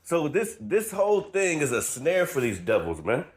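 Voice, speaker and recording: A man's voice: on the high side, wildly swooping pitch, moderate pace. Fired-up man preaching over scripture. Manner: preachy, laughs often, repeats "man" at line ends. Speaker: host reading scripture. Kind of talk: fiery scripture commentary.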